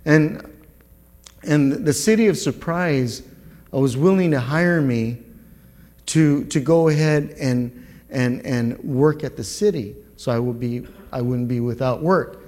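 Slow, earnest middle-aged man in a hall. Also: medium pitch, darkish tone. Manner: halting, repeats words, earnest. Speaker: guest speaker giving a testimony. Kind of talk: spoken church testimony. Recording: long reverb of a large hall.

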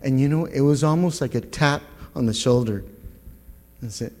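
A middle-aged man giving a spoken church testimony, earnest and halting, often repeating his words. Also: medium pitch, darkish tone. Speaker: guest speaker giving a testimony. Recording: long reverb of a large hall.

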